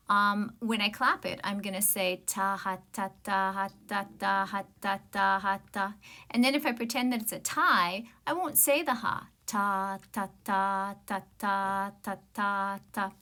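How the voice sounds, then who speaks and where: A woman's voice: on the high side, sharp tone. A woman music teacher giving an online rhythm lesson, explaining patiently and counting and chanting rhythm syllables aloud.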